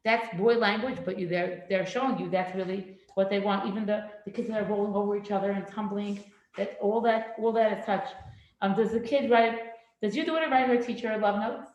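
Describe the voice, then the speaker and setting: A middle-aged woman teaching a parenting class in a classroom, lively and acting out children's voices. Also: mid-range voice, fairly quick. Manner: animated, acts out children's voices. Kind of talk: classroom lecture. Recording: very echoey room.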